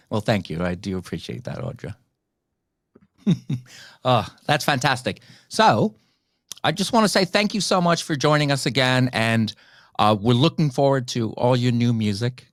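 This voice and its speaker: A man's voice: mid-range voice, animated, unhurried, no echo, clean studio sound. An English man hosting a casual interview, effusive and gushing with praise for his guest. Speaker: podcast host.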